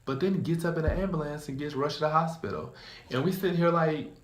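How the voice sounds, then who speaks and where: A young man, casually telling a storytime tale, acting out voices in high squeals. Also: fast, echoey room.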